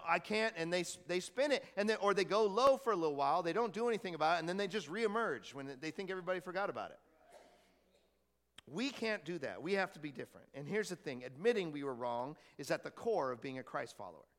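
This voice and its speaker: A pastor preaching a sermon in a church, talking conversationally and asking the congregation questions. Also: male voice, high voice, animated, fast, fairly bright tone, big-room sound. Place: church hall.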